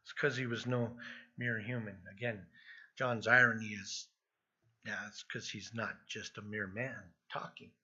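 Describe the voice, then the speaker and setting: Bright, husky-voiced man preaching. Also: fairly low pitch, steady tone, a little slow. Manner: earnest, repeats words when emphasizing. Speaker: pastor. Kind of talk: expository sermon. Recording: dull lo-fi sound.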